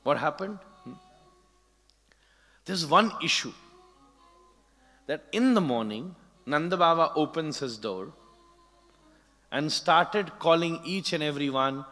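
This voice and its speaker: Preacher in an echoing hall. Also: male voice, fairly high pitch, measured pace, long pauses. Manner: animated, frequent "huh?" prompts to the audience. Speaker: spiritual preacher. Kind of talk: devotional storytelling discourse. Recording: long hall reverb.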